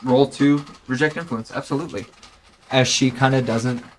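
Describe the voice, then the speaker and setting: Game master, easygoing man, mid pitch, relaxed and affirming. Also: normal speed, a little hiss or hum. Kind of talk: running a tabletop game.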